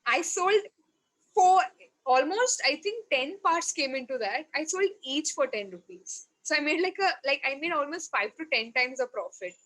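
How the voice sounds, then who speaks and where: A woman with an Indian English accent, a podcast guest telling a story in casual conversation, animated, laughing often and acting out dialogue. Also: high-pitched, moderate pace, poor audio. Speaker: podcast guest, marketing head.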